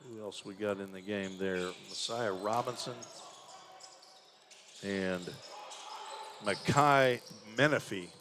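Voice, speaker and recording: A man's voice: fairly low pitch, slow pace, pauses often, fairly bright tone, slight background noise. A man calling college basketball play-by-play in a conversational way, musing aloud about stats and names. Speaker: play-by-play announcer. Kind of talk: live basketball commentary.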